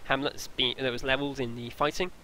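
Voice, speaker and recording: A man running a tabletop game as game master, describing scenes in a halting way with many fillers. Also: mid-range voice, flat delivery, sharp tone, slight background noise, rough recording.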